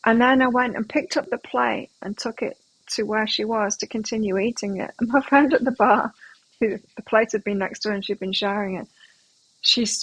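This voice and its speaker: A middle-aged woman with a husky, breathy voice hosts a live tarot stream. She talks loosely and chattily, drifting into anecdotes, and her voice sits at an ordinary pitch. The sound is close and dry, with no room around it. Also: fairly even intonation, moderate pace, fairly bright tone, no room sound, rough recording. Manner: chatty and rambling, telling anecdotes. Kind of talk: casual live-stream chat between tarot readings.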